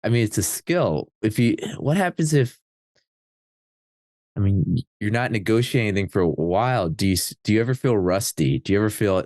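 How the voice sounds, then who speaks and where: A man hosting a podcast, asking interview questions in a halting way with frequent restarts. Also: fairly low pitch, animated, a little mellow, dry recording, clean studio sound. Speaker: podcast host.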